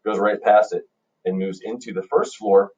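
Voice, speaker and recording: A man teaching music by telling a playful story to children, in an animated storyteller manner. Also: lowish voice, moderate pace, husky, far from the mic. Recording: dull lo-fi recording.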